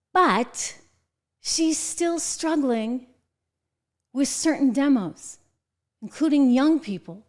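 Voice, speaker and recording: A middle-aged woman hosting a political commentary show, talking in an animated, sarcastic way with mocking asides. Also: mid-range voice.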